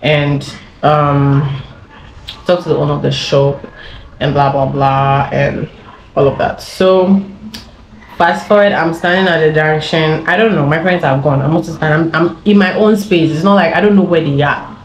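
A woman's voice: deep voice, fairly even intonation, normal speed, slight background noise. A young woman from Ghana, a YouTuber telling a casual story-time tale, chatty and rambling with many fillers and laughs. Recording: echoey room with faint ambience.

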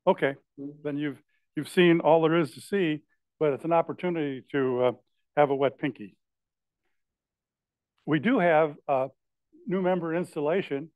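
A man runs through club announcements, loose and chatty, with a joke tossed in here and there. His voice sits a little high, and the sound is close and dry. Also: moderate pace, pauses often, a little mellow, clean tone, no echo. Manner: loose and chatty, with joking asides. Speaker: presiding member making club announcements. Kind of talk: meeting announcements. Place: club meeting room.

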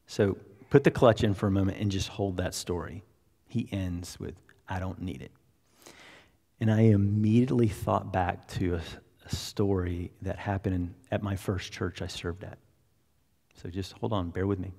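Man, pastor, sermon storytelling, lowish voice, long church-hall reverb. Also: steady tone, moderate pace, creaky, mellow. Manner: conversational, anecdotal, acts out quotes. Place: large church sanctuary.

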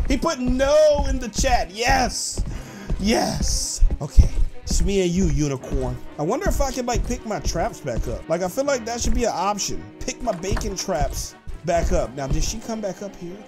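A man giving excited, playful gameplay commentary as a gaming YouTuber, teasing and laughing often. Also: high-pitched, normal speed, music in the background.

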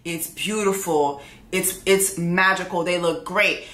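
Animated woman recapping a TV show. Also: measured pace, roomy sound. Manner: animated, slangy, acts out characters in high voices. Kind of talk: casual comedic TV recap.

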